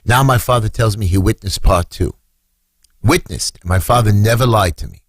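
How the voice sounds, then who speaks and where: A middle-aged council candidate from Brooklyn, New York, tells an emotional story on the radio in a husky voice at a moderate pace. His retelling is dramatic, his voice swinging and leaping high when he acts out screams. The sound is clean studio audio with no room sound.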